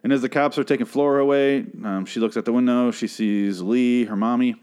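A man's voice: medium pitch, fairly even intonation, a little fast, a little mellow, clean tone. A man casually recapping a TV episode, rambling and sarcastic, swearing often. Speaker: show recap host.

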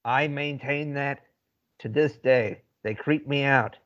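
A man's voice: medium pitch, slow pace, a bit bright, dull audio. A middle-aged man from the northeastern US with a light New England accent, telling wry, opinionated stories in casual chat.

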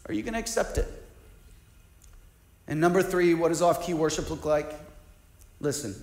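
A man's voice: fairly high pitch, moderate pace, darkish tone, echoey room. A man preaching a sermon as a pastor, emphatic and repeating key lines for stress.

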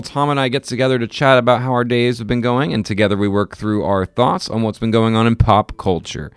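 Jąkający się, żartobliwy mężczyzna, suchy dźwięk. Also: male voice, mid-range voice, fairly even intonation, a little fast, few pauses, smooth, no echo, faint music behind. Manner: joking, stammering restarts. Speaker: podcast co-host. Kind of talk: casual chat. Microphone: remote call mic.

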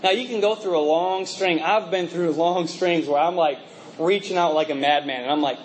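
A man's voice: on the high side, normal speed, some chatter behind, slight background noise, poor audio. A young man preaching a conversational sermon, full of rhetorical questions and laughing asides, with a mixed accent. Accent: mixed, from working in a multinational office.

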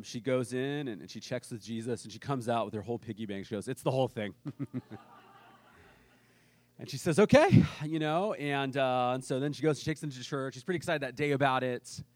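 A man's voice: medium pitch, moderate pace, pauses often. A man preaching a sermon as pastor, telling a story in a casual way and acting out the people he quotes.

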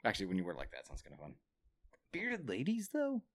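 A man's voice: on the low side, huge pitch swings, fast. A man co-hosting a casual chat, trading crude, joking banter.

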